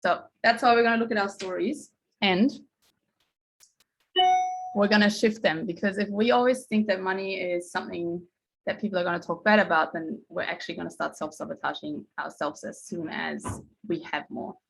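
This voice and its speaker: A woman's voice: mid-range voice, normal speed, vocal fry, slightly rough, poor audio. A woman mindset coach giving a casual talk to a group, telling stories in a chatty way and acting out what people said. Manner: chatty storytelling, acting out quotes.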